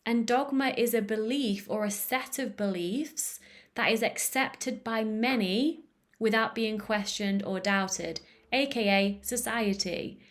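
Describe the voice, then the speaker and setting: A woman's voice: on the high side, slow pace. Emphatic woman podcast host. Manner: emphatic, swears freely, laughs at herself. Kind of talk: casual motivational podcast talk.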